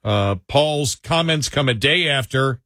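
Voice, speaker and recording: A man hosts a political talk show in a relaxed, conversational way, with dry humor that slips in now and then. His voice is bright and forceful. The sound is dry and close, with no room echo. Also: mid-range voice, unhurried. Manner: sarcastic, conversational, self-correcting.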